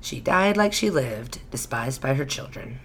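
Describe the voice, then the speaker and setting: A woman anchoring a satirical news segment in a deadpan way. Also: extremely low pitch, unhurried.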